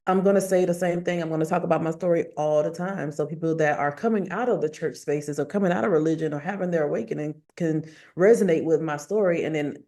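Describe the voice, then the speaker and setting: A woman, a psychic medium, talking in an animated, emphatic way, repeating phrases for effect. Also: sits low, fast talker, few pauses. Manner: emphatic, repeats phrases, acts out quoted voices. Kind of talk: animated storytelling in conversation.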